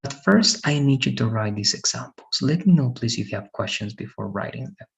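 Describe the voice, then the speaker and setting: A man's voice: medium pitch, expressive, a little fast, vocal fry, rough recording. A man teaching an English grammar lesson in an online class, patient and repetitive, often checking in with "right?".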